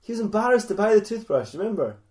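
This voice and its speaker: A man co-hosting a comedy podcast, telling a story in a rambling, giggly way with lots of halting restarts. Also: sits high, big pitch swings, darkish tone. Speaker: podcast co-host.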